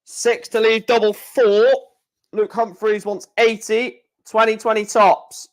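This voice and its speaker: A man hosting a casual live darts watchalong stream. He calls out each score in quick, clipped bursts and slips in relaxed, chatty asides between throws. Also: high-pitched. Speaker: stream host.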